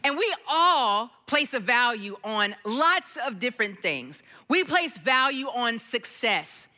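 A woman preaching a sermon, telling a family story in an animated storytelling way before turning to scripture. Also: fairly high pitch, slow. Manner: storytelling, animated, acts out quotes.

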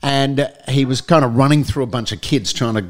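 A man's voice: medium pitch, brisk. An Australian man co-hosting a casual sports chat, telling anecdotes and laughing along. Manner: chatty, laughs through his anecdotes. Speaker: podcast co-host.

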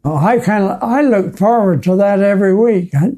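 An elderly man living in an assisted living center, recalling things slowly and haltingly in an interview. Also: high voice, mellow. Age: older. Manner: slow, halting and reflective. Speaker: nursing home resident. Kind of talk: interview recollection.

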